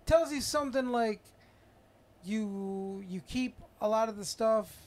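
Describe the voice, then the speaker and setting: A man in casual podcast chat, an animated storyteller who swears freely and rambles. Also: sits high, slow pace.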